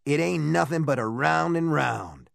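A man's voice: fairly high pitch, animated, measured pace, vocal fry, no echo, studio quality, pitched above the performer's own voice, heavily acted. A man voicing a laughing, furious ghostly woman who sings a taunting line in a sing-song way. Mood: mocking.

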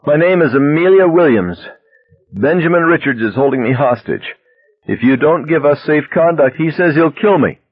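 A man's voice: mid-range voice, big pitch swings, normal speed, few pauses, husky, voice pushed up. A man reading a story aloud, voicing a frightened young woman held hostage who pleads and cries out wildly. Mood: frantic. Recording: dry tinny phone-like sound.

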